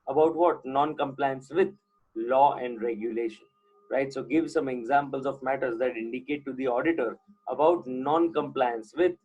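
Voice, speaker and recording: In a low-quality recording, a man's mid-range voice, a little mellow and slightly rough, leads a live online accounting lecture. He has an Indian accent, shifts between English and Hindi, and regularly checks that his students are keeping up.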